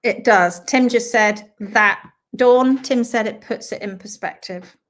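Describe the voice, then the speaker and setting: A woman hosting a live stream, chatting casually as she greets viewers and reads out their comments. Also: fairly high pitch. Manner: lively and talkative, with quick asides. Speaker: host of a live stream on hoof care.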